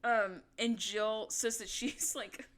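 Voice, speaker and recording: A woman co-hosting a podcast in a casual recap chat, animated and swearing, acting out quotes in different voices. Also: on the high side, slow. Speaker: podcast co-host.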